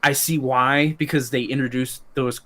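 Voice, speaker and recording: A man chatting casually as a podcast guest, voice in a middle register. He rambles and restarts often, hunting for words, and gets loud and excited when something thrills him. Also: mid-range voice, moderate pace. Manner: animated, rambling, many restarts and fillers. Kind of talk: casual chat.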